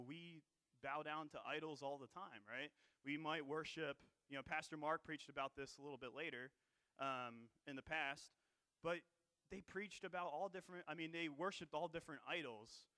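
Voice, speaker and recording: A man preaching in church with a bright, forceful tone and a slightly high pitch. He talks conversationally, with plenty of fillers and "right?" checks, and keeps clearing a dry throat. The sound is close and dry. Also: no echo. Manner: conversational, many fillers and tag questions. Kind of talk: sermon.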